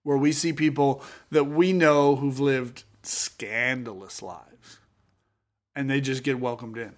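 A man co-hosting a podcast, talking through a Bible passage and acting out its characters with lively voices. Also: mid-range voice, slow pace. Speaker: podcast co-host. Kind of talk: Bible study podcast chat.

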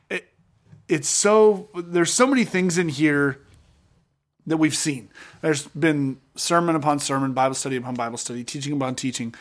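Middle-aged guy on a bible podcast, kinda high voice, jumps into character voices a lot. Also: moderate pace. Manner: animated, acts out the characters in lively voices. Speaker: podcast co-host. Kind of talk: Bible study podcast chat.

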